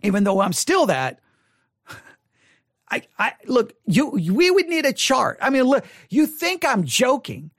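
An exasperated podcast host picks apart a sermon in a Bible study commentary, words tumbling out in restarts and circles. The voice is hoarse and fraying, with a lively pitch that swoops up and down. It sits close and dry, with no room sound at all. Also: slow, dry recording. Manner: exasperated, rambling with many restarts. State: hoarse, losing voice.

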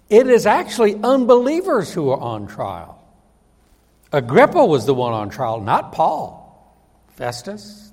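A man's voice: fairly high pitch, husky, big-room sound. A man preaching a sermon with emphasis, often acting out the voices of the people he quotes.

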